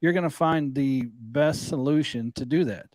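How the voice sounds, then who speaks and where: A man's voice: a little high, normal speed, a little mellow, slight background noise, poor audio. A man co-hosting a casual live stream, reasoning things through in an easygoing way with many fillers.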